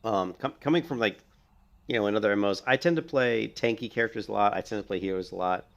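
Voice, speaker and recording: A young man hosting a gaming video rambles casually while he plays, leaning on fillers and often restarting his sentences. He talks fast in a lowish, creaky voice.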